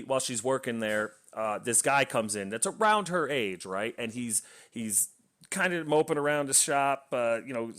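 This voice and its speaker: A man's voice: medium pitch, a bit bright. A man reviewing a book, casually retelling its plot in a rambling way with lots of fillers and restarts.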